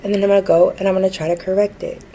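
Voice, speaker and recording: A woman's voice: medium pitch, level tone, very fast, warm tone, slight background noise, rough recording. A woman vlogging a rambling personal rant, earnest and frustrated, with many fillers and restarts.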